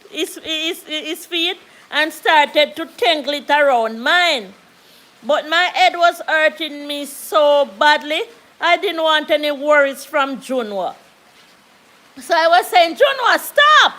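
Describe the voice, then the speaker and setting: A Jamaican woman hosting a live stream, telling a long story in a high voice. She speaks slowly and without hurry, repeating phrases to drive a point home. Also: fairly bright tone, low-quality recording. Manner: unhurried, repeats phrases for emphasis.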